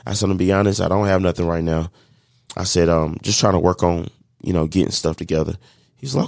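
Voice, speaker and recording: Man, deep low voice, gravelly, animated storyteller, acting out conversations, dry close mic. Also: a little fast, no echo. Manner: animated storyteller acting out dialogue, faith-filled. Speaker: guest, catering business owner. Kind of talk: storytelling in a podcast interview.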